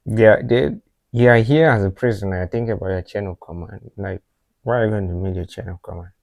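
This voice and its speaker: A man from Africa comments on a video in a casual, earnest and reflective way, often circling back on his words. His voice is low-pitched and recorded dry and close. A faint clicking sound is heard. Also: a little fast, creaky, no room sound. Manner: earnest, reflective, repeats himself. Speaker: reaction video host.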